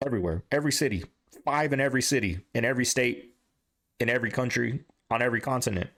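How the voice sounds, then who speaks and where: A man's voice: medium pitch, quick pace, fairly bright tone. A man hosting a reaction video, talking casually and emphatically, often repeating words to stress a point.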